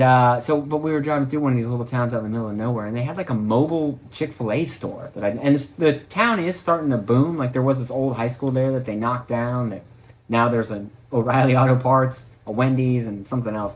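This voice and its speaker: Rambling, profane podcast host. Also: male voice, mid-range voice. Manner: profane, rambling, self-interrupting. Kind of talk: rambling casual monologue.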